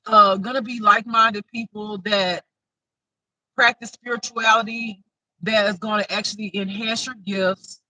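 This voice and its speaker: In a low-quality recording, a woman with a medium-pitched voice gives a casual, intuitive spiritual reading. She speaks emphatically and keeps bursting into loud laughter.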